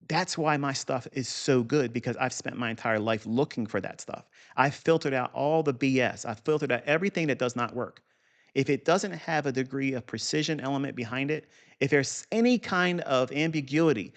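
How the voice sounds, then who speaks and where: A gravelly man's voice at an average pitch, teaching a live trading lesson. He talks bluntly and swears, drifting into rambling asides before he comes back to the point. He sounds middle-aged. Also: a bit bright. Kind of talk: unscripted livestream lesson.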